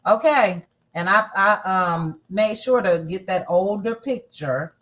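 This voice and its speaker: A woman's voice: mid-range voice, lively intonation, slow, a bit bright. A woman hosting a casual celebrity gossip livestream, chatty and sassy, thinking aloud as she scrolls through posts. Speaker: gossip channel host.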